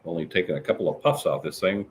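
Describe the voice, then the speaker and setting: Reading out viewer comments on his livestream podcast, a male host talks fast in a chatty, rambling way. His pitch swings animatedly, and there's slight background noise.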